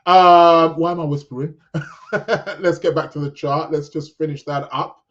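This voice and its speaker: A man's voice: a little high, steady tone, a little slow, fairly bright tone, lo-fi sound. A man hosting an astrology podcast in casual chat, rambling with many fillers and chuckles. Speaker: podcast host.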